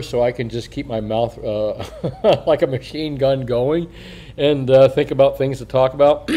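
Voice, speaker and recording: An older man rambles through a casual video monologue, swearing freely and chuckling as he goes. His voice sits at a middle pitch with a dark, mellow tone, and his words slur a little through a missing front tooth. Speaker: coin shop owner and market commentator.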